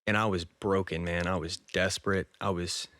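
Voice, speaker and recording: Speaking at a moderate pace in a low, slightly bright voice with little pitch movement, a man in his twenties shares a heartfelt personal story as a podcast guest. The casual interview has him laughing often and saying "dude" and "man", and the sound is dry.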